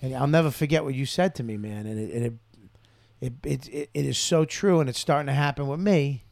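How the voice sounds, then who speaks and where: A man's voice: medium pitch, a little fast, gravelly, a little mellow, no echo. A man who is a guest comedian, talking in an earnest, heartfelt way about family, with lots of swearing. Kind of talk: casual chat.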